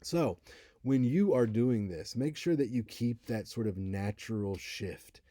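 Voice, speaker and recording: Speaking at a measured pace in a mellow, medium-pitched voice, a man in his thirties delivers an informal college lecture on speaking. He now and then acts out example voices, and the studio-quality recording has no room sound.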